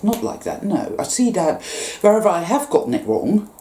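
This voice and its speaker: A woman's voice: on the low side, very animated, a little fast, mellow. A woman giving an impassioned spiritual monologue. She is intense and emphatic, swears freely, and repeats her phrases for force. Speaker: spiritual vlogger. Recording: roomy echo.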